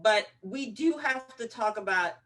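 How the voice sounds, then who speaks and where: A woman's voice: medium pitch, animated, a little slow, fairly bright tone. Easygoing woman critic, off-mic. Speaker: film critic. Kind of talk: roundtable movie review chat. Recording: voice distant from the mic.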